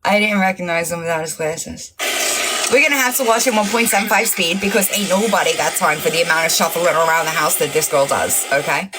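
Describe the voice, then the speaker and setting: A woman's voice: lowish voice, brisk, noisy background. A woman hosting a casual livestream, mocking and profane, laughing often and losing her voice. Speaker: livestream host.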